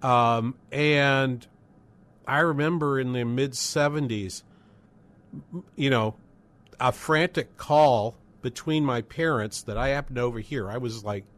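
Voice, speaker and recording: A man's voice: mid-range voice, measured pace, a bit bright. Rambling older male radio talk host. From northern New England. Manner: rambling, conversational, many fillers and restarts. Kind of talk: casual call-in radio talk.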